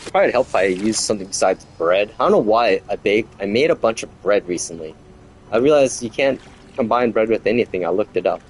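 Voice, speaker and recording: A man's voice: lowish voice, brisk, a little hiss or hum. A man, casually chatting with viewers and rambling while he plays a game. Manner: relaxed, rambling, chats with viewers while playing. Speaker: game streamer. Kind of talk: casual gameplay commentary.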